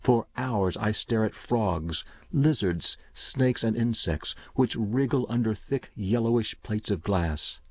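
Male narrator, lowish voice, measured and somber story reading; dull, dry lo-fi recording. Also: no echo.

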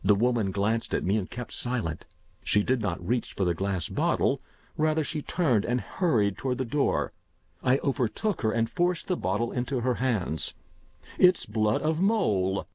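Somber low-voiced male storyteller. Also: animated, husky, no echo, lo-fi sound. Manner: measured, somber first-person storytelling. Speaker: narrator. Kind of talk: audiobook short story reading.

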